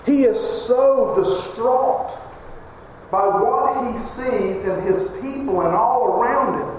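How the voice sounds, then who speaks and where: Man, pastor, sermon, emphatic preaching, high voice, long hall reverb. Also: takes it slowly, a little mellow. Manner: emphatic preaching, rising to cries when quoting scripture. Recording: echoey hall reverb, faint noise.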